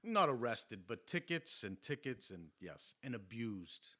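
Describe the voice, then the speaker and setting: A man's voice: mid-range voice, big pitch swings, a little slow, sharp tone. A man from Massachusetts co-hosting a podcast, chatting bluntly and teasingly. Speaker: podcast co-host. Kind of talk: casual chat.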